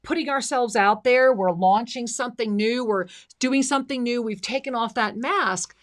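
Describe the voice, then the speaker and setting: A woman hosts a spiritual call-in show with a slightly high voice. She gushes with blessings and calls everyone "my love" and "sweetheart." She sounds effusive and affectionate throughout. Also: moderate pace. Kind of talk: live call-in spiritual readings.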